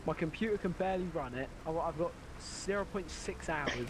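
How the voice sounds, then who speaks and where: A man's voice: fairly high pitch, animated, fairly quick, noisy background. A man playing a game he is new to, arguing his case in voice chat in a protesting, pleading way. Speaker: new player.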